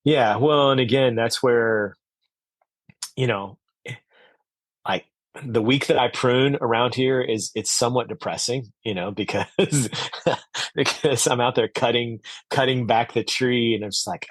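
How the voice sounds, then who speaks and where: A man with a mid-range voice speaks a little slowly in a recording with no room sound. He's an orchard owner appearing as a podcast guest in a conversational interview, earnest and reflective, often using fillers and restarting his sentences.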